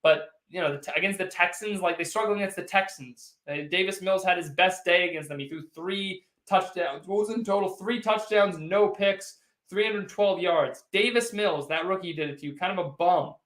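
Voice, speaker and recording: A man hosting a relaxed postgame sports stream speaks in a high, slightly bright voice at a moderate pace, barely pausing. The room is echoey, and he rambles and teases while responding directly to viewers' chat.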